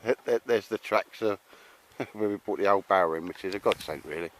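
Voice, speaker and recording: Recorded with slight background noise, this older vlogger talks a little fast in a fairly low voice. He rambles and laughs his way through a casual chat to camera at an outdoor campsite, full of fillers and calling everyone mate.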